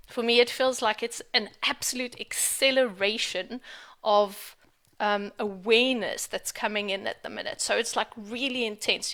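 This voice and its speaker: A woman's voice: a little high, pushed and bright. A woman talking on her spiritual vlog in a candid rant, frank and emphatic and swearing freely. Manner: emphatic, repeats for stress. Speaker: spiritual vlogger.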